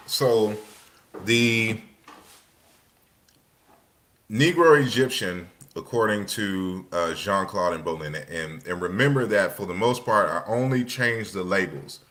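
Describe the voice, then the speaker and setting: A man's voice: low-pitched, a bit bright. A man with a casual way of speaking, lecturing over slides in a loose, conversational manner full of restarts.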